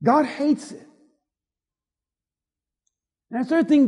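High-voiced preaching man in a reverberant hall. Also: lively intonation, unhurried. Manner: emphatic preaching, swinging from loud to hushed. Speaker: pastor. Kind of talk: sermon. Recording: long reverb of a large hall.

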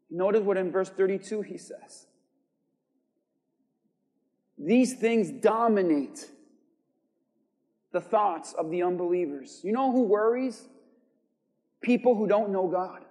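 A man preaching a sermon as pastor, swinging from quiet, measured lines to shouted emphasis. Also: high-pitched, in a large hall. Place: church.

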